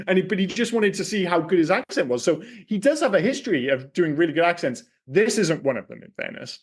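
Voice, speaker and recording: Sweary guy rambling on a podcast, a bit high-pitched, keeps correcting himself. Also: animated, quick pace, few pauses. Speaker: podcast co-host. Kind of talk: casual film chat.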